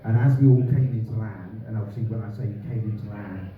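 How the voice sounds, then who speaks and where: Guy doing stand-up, deadpan jokes, far from the mic, tinny and echoey, crowd noise. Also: fairly low pitch, fast. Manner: deadpan one-liners, chats with audience. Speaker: stand-up comedian. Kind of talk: live stand-up with crowd work. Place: comedy club, indoors. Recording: echoey venue from far off, phone-like band, crowd. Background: audience laughter.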